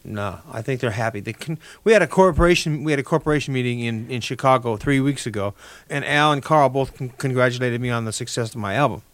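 Older man, halting radio guest, middle pitch, dry studio sound, loose rambling speech. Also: fairly bright tone, no echo. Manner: halting, restarts, many fillers. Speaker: interview guest, musician. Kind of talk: radio interview.

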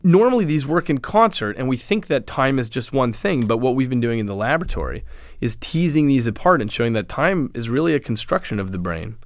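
A man, a neuroscientist guest in an interview, explaining his research in a measured way with frequent restarts. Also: medium pitch, sing-song, no echo. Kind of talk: interview answers.

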